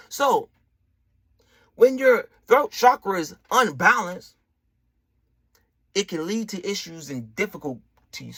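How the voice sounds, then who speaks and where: A man's voice: fairly high pitch, fairly bright tone, dry recording. A man hosting a spiritual motivational podcast, preachy and slangy, talking straight to the listener. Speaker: podcast host.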